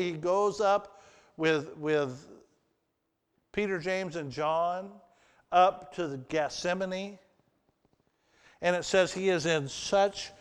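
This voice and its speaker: A man preaching a sermon as pastor, shifting between loud emphasis and hushed, earnest passages. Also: high-pitched, smooth. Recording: long reverb of a large hall.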